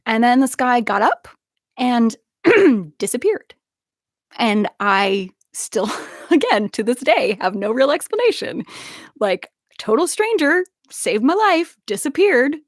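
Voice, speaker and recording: Young woman, kinda high voice, rambling animated story with lots of laughs, dry close sound. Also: slow, no room sound. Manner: animated, laughs often, many likes and restarts. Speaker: podcast guest. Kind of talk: storytelling in casual conversation.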